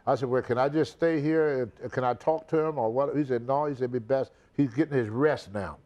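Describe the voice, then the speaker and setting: Speaking fairly quickly in a mid-range voice, this older man from the United States is a retired wrestler recounting a tale during a shoot interview. He animates the story, repeating words and playing the parts of others. Audio quality is lo-fi.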